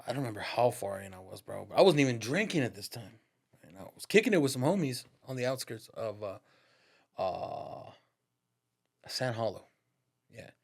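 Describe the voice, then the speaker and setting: A man with a medium-pitched voice and vocal fry guests on a podcast, telling a story casually. He's profane and slang-heavy, calls the listener "dog," and laughs through his stories.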